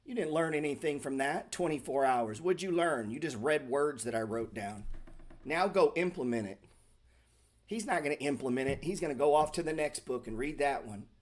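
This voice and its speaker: A man's voice: a little high, lively intonation, normal speed. A middle-aged man hosting a casual stock market show, talking bluntly and sarcastically, with profanity and mock self-pity. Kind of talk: casual livestream talk.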